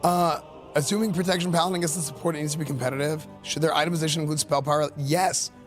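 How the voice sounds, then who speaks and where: A man streaming live, talking in an excitable, rambling way, leaning on fillers and repeating himself as he thinks aloud. His voice sits a touch high for a man, with faint music playing underneath. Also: fast talker. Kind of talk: live-stream commentary reacting to game questions.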